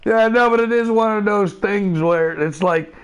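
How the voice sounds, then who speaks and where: Dutch guy streaming, laid-back swearing chat, slightly higher voice. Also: moderate pace, clear, resonant tone. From Netherlands. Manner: laid-back, profane, laughs often. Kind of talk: casual chat while gaming.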